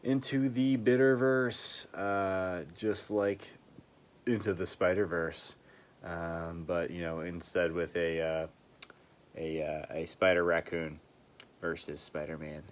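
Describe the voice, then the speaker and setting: A man's voice: deep voice, steady tone, slow. A man co-hosting a beer review show, talking in a jokey, goofy, riffing way. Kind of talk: casual beer review chat.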